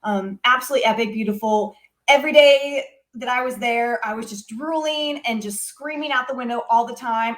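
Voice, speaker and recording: A young adult woman telling a story as an interview guest, casual and animated, with many fillers. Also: a little high, moderate pace. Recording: echoey room.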